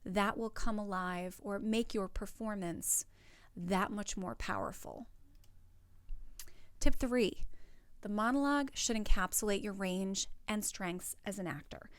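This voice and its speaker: A woman's voice: medium pitch, measured pace, no echo. A woman acting coach giving spoken tips for a workshop in an encouraging, conversational way, with fillers.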